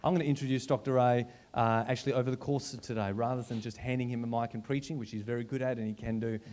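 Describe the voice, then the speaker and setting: A man's voice: mid-range voice, steady tone, fast, darkish tone, slight background noise. A man pastoring a church, introducing a guest and then interviewing him on stage in a jokey, self-interrupting way. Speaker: pastor hosting a church service. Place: church auditorium.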